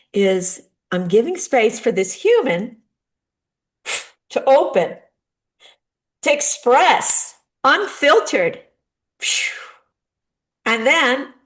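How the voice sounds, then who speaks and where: A middle-aged woman and spiritual guide speaking in a gentle, earnest way about healing, now and then acting out little dialogues. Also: medium pitch. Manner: gentle, earnest, acts out short dialogues with lively shifts. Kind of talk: heartfelt talk on healing grief.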